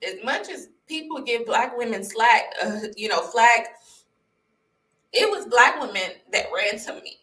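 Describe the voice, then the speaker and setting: A woman tells her personal story in an earnest, emotional way, close to tears and rambling with restarts. Her voice is bright and clear. The room sounds echoey, and she is some distance from the mic. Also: fairly high pitch, lively intonation, normal speed. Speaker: vlogger sharing her testimony.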